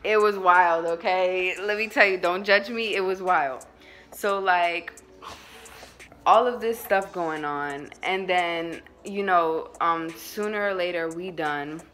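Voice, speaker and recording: A woman's voice: lowish voice, slow pace, a bit bright. A young woman vlogger telling a personal story in a casual, slangy way, laughing often as she goes.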